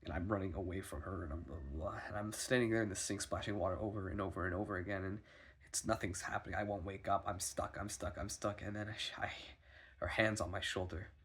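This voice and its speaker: Man, husky low voice, sick and foggy, anxious rambling diary talk, restarts, swearing. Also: steady tone, quick pace, fairly bright tone. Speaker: vlogger. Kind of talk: personal video diary.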